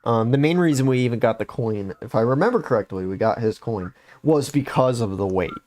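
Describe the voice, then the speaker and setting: A man's voice: mid-range voice, animated, a little fast, darkish tone. Young man rambling through a story. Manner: rambling, filler-heavy recounting. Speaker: podcast host. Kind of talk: casual storytelling chat.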